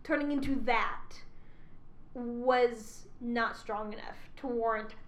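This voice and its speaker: A woman's voice: a little high, takes it slowly. A woman co-hosting a podcast, chatting casually about films, hesitant and trailing off with lots of fillers. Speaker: podcast co-host. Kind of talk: casual chat. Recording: echoey room.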